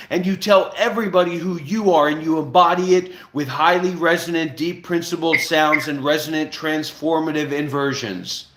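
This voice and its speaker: A man's voice: high voice, fairly bright tone, slight background noise. A man hosting a livestream, giving blunt, commanding instructions. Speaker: livestream host. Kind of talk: casual livestream talk. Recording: roomy echo.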